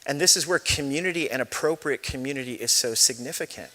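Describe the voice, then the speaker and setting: A male pastor preaching a sermon in a relaxed, conversational storytelling way, with self-deprecating jokes. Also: mid-range voice, quick pace. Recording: echoey large hall.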